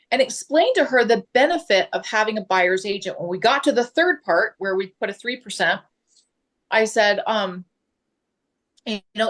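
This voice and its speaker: Chatty agent lady recounting a client meeting, does the client's surprised voice. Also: mid-range voice. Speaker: real estate agent. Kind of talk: casual storytelling in a meeting.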